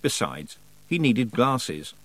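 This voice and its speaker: A man reading a novel aloud as narrator, with measured, expressive storytelling. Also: mid-range voice, dry recording, low-quality recording. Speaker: audiobook narrator. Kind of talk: scripted narration.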